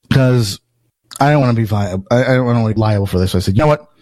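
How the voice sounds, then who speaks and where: A man's voice: mid-range voice, rapid-fire, no echo. Profane storytelling man, dry close mic. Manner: animated, acts out quotes, swears often. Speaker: podcast storyteller.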